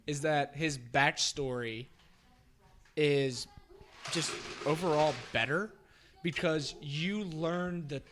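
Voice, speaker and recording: A man's voice: on the high side, slow, background noise. A man co-hosting a podcast, talking emphatically in casual chat, swearing and repeating himself. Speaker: podcast co-host.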